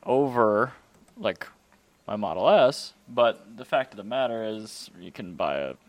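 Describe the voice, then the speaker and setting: A man co-hosting a casual car podcast, dry and teasing, firing off quick quips. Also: on the low side, lively intonation, no echo. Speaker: podcast co-host.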